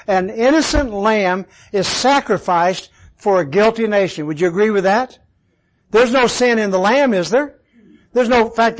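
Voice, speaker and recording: A man's voice: high voice, low-quality recording. A man teaching a Bible study, quizzing his listeners with questions and repeating key words for emphasis.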